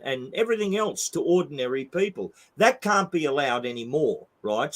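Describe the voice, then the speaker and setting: An older man with a broad Australian accent, speaking as an outspoken interview guest. His voice sits a little high for a man, and he talks bluntly and emphatically, swearing often. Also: a bit bright. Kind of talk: heated interview talk.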